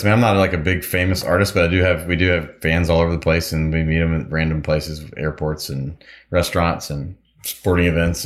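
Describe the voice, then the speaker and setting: A man with an extremely deep voice tells long, easygoing stories as a guest in an interview. He rambles a little, full of fillers and restarts. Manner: rambling, filler-heavy anecdotes. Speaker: guest, musician and pilot. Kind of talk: casual interview storytelling.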